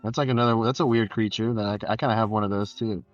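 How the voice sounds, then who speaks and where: A man's voice: lowish voice, steady tone, quick pace, no echo, highs cut off, soft background music. A man co-hosting a podcast, talking in a laid-back drawling way and calling people dude. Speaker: podcast co-host. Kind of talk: casual chat.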